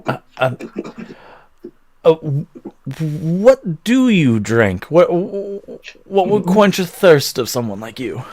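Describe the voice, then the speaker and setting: A small, nervous halfling barkeep, as a man puts him on, stammering through polite service. The voice sits higher than his narrating voice and wobbles with nerves in a tabletop game. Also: big pitch swings, normal speed, darkish tone. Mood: flustered.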